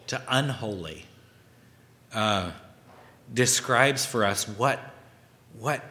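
Man giving a slow scripture sermon, bright voice, lots of ums, big echoey church hall. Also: mid-range voice. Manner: slow and halting, reads scripture aloud. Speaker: preacher. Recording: long hall reverb.

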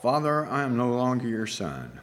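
A man's voice: mid-range voice, big pitch swings, moderate pace, a little hiss or hum, close to an everyday voice. Man reading as a despairing, ashamed young prince. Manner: quiet, despairing sobs.

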